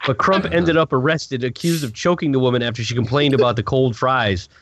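A man's voice: mid-range voice, steady tone, fairly quick, very noisy. A man reading news stories aloud for comic effect, breaking off for sardonic asides. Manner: sardonic asides between quotes.

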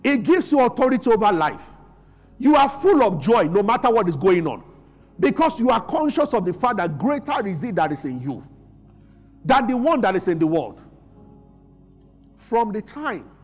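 A man with a high voice preaches a sermon as pastor, posing questions to the congregation and then answering them himself.

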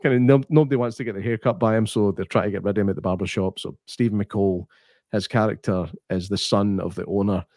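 Scottish male podcast co-host, sweary, animated storyteller, dry close sound. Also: fairly low pitch, quick pace, no echo. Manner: sweary, animated storyteller who acts out quotes. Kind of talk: casual chat.

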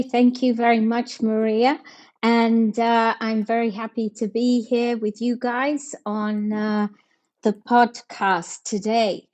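A woman giving a motivational talk as a guest speaker, talking in a measured, steady way with some fillers. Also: on the high side. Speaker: guest speaker, team leader.

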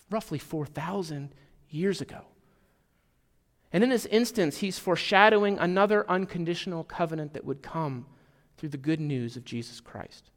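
Higher-voiced male pastor in a reverberant hall. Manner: conversational, with asides and self-deprecating humor; drops to a near whisper for emphasis. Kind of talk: sermon. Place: church sanctuary.

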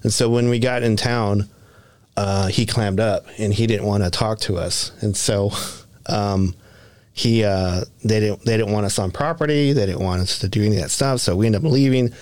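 Man, rambling storyteller, lowish voice, dry close recording. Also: normal speed, darkish tone, no echo. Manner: rambling, many restarts and fillers. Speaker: Bigfoot researcher guest. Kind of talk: casual storytelling interview.

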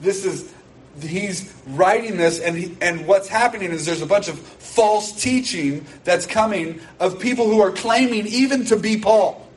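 A man's voice: sits high, measured pace. A man preaching a sermon in an earnest, emphatic way, repeating key phrases to drive them home. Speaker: pastor. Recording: distant mic with faint background noise.

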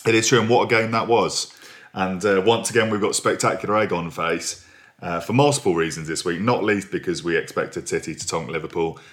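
Young male podcast host from Berkshire, very low voice, dry self-mocking humour. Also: fairly quick. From Berkshire, England. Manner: jokey, self-mocking, trails off quietly. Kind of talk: casual banter podcast. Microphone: remote recording.

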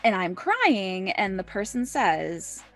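A woman's voice: medium pitch, sing-song, slow pace, a bit bright, soft background music. A woman in her thirties co-hosting a casual podcast, telling personal stories candidly and laughing often. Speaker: podcast co-host. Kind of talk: casual chat, personal storytelling.

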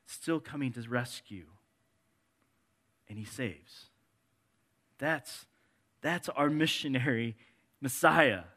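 A man with a fairly high-pitched voice preaches a sermon conversationally, shifting between soft and emphatic delivery and reading scripture passages aloud.

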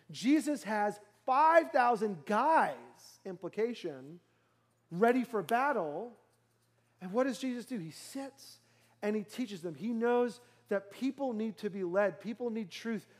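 Brief: male pastor, high voice, conversational emphatic sermon with rhetorical questions. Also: darkish tone. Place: church.

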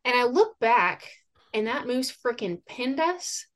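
A woman guest on a podcast, telling a hunting story in a lively, casual way with laughs and acted-out quotes. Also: a little high, measured pace. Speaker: podcast guest, fitness coach and moose hunter.

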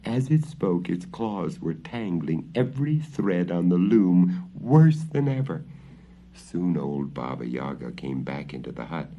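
A man narrates a fairy tale slowly and expressively, in a low, husky voice. His pitch swings widely from line to line. The recording sounds dull and lo-fi. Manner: expressive, dramatic reading. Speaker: storyteller. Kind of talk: storybook narration.

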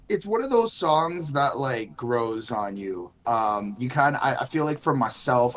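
A man's voice: medium pitch, fairly bright tone, a little hiss or hum. A man reviewing songs in a casual chat, hesitating and searching for words as he goes. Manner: hesitant, many fillers and restarts. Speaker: music reviewer.

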